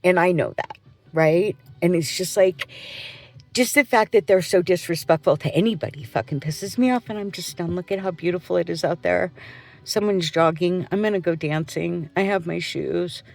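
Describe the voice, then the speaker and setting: A woman's voice: fairly low pitch, normal speed, gravelly, a little mellow. A middle-aged woman who works as a janitor, venting in a rambling, profane monologue.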